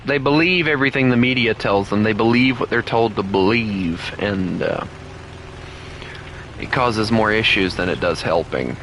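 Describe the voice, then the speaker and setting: A man with a Southern US accent streams a game and chats casually, rambling, opinionated and blunt, slipping into heated rants. His fairly low voice is a bit bright at normal speed, on a rough recording with a little hiss or hum.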